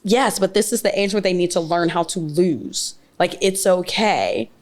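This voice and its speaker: A woman in her thirties co-hosting a podcast in casual chat, an animated storyteller who jumps up high to mimic other people. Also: moderate pace. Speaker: podcast co-host.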